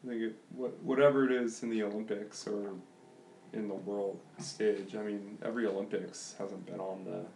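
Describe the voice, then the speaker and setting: A man's voice: fairly low pitch, moderate pace, gravelly, a little hiss or hum. A young man, a college volleyball coach, chatting casually as a podcast guest and thinking aloud. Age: young adult. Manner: relaxed, thinking aloud with fillers.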